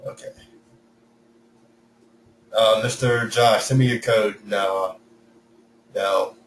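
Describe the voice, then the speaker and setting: Male coding instructor, step-by-step explaining, mid pitch, echoey room, distant mic. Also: fairly even intonation, slow pace, slight background noise. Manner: talks through code step by step, self-correcting. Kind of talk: live online coding lesson. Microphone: computer mic, sound reported as poor by students.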